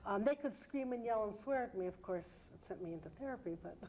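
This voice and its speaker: A woman's voice: mid-range voice, expressive, fairly quick, darkish tone, a little hiss or hum. Reflective middle-aged woman, hesitant ums. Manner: reflective and candid, many hesitant "um"s. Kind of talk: televised panel discussion.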